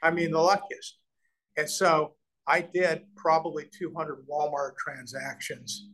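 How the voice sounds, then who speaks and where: A middle-aged man from Nebraska recounts his deals in a lively interview, voicing the people he quotes. His voice sits a little high, and he often restarts his sentences while the story runs. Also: measured pace, poor audio. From Nebraska, USA. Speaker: real estate developer, guest.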